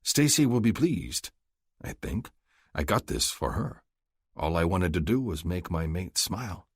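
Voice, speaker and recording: A man narrating a first-person romance audiobook in an earnest, expressive way. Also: deep voice, unhurried, breathy edge, no room sound, studio quality.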